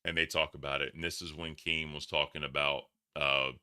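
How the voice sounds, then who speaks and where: A man's voice: rumbling low, little pitch movement, a little fast, pushed and bright, smooth, no room sound, clean studio sound. A man reacting to clips for his stream chat in casual, profane commentary. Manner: profane, laughing, talks to chat.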